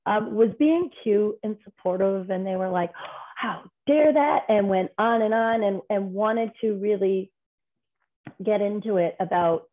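A woman guest on a podcast, telling personal stories in a candid, rambling way with quick restarts. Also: medium pitch, fairly even intonation. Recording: tinny phone-like line.

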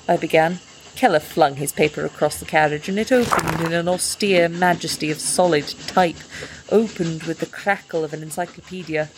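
Woman audiobook reader, lowish voice, measured literary narration. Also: a little hiss or hum. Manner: measured, descriptive.

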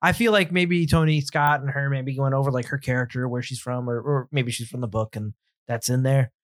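A man chatting casually about a movie, relaxed and quick to laugh. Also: mid-range voice, no echo, clean studio sound. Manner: relaxed, laughs easily, drifts into mock quotes. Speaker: movie podcast co-host.

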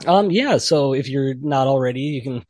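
A man's voice: mid-range voice, expressive, moderate pace, darkish tone, dry recording. A man appearing as a podcast guest, joking in casual chat with many filler words.

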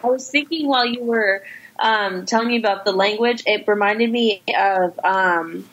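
A woman chats casually as a podcast host, her voice sitting at an ordinary middle pitch. She talks loosely, tumbling through quick asides and dropping swear words without pause. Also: a bit bright, dull audio. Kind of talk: casual chat.

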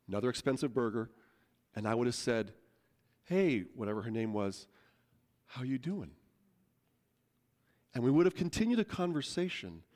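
Man, pastor, sermon storytelling, animated, conversational, slightly high voice. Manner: animated, conversational, acts out quotes.

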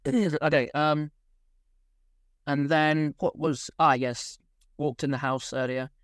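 A man's voice: fairly high pitch, fairly even intonation, measured pace, fairly bright tone, dry recording, studio quality. A young man co-hosting a casual podcast, rambling and laughing as he talks. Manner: rambling, self-interrupting, laughs often. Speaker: podcast co-host.

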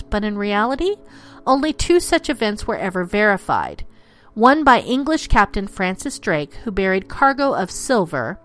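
A woman narrates her podcast segment in a lively, sing-song way, her pitch rising and falling freely. She sits at a middling pitch and addresses her audience with fond warmth as she wraps up the show. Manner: lively, affectionate sign-off. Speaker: podcast host. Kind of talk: scripted narration.

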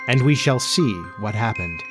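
A man's voice: mid-range voice, lively intonation, normal speed, music in the background. Man reading a storybook aloud. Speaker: podcast host and narrator.

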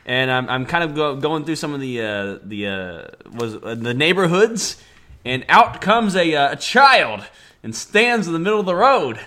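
A young adult man co-hosting a casual podcast chat, rambling with lots of fillers and quick to laugh. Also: a little high, big pitch swings, sharp tone. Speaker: podcast co-host.

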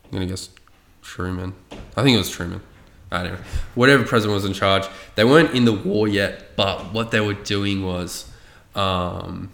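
A man's voice: low voice, moderate pace, vocal fry, fairly bright tone, reverberant. A man telling a rambling story in casual chat, swearing freely and loose with his facts.

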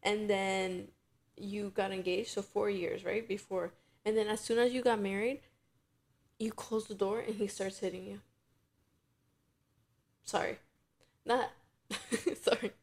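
A young woman with a gravelly, fry-heavy voice, chatting on a podcast. She tells stories with energy and slips into quoted voices to act out the characters. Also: mid-range voice, measured pace, long pauses. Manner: animated storyteller, acts out scenarios in quoted voices. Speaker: podcast co-host. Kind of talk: casual chat.

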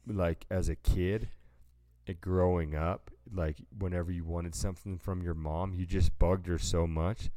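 Deep-voiced man telling a rambling story. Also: fairly even intonation, a little slow, mellow, no echo, studio quality. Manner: rambling storyteller, acts out quotes, says "dude". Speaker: podcast co-host. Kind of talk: casual chat.

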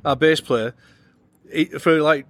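A man's voice: fairly high pitch, slow, fairly bright tone, no echo. A middle-aged Yorkshire man chatting casually as an interviewee, blunt and rambling with plenty of swearing. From England. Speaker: metal band guitarist, interviewee. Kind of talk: casual chat.

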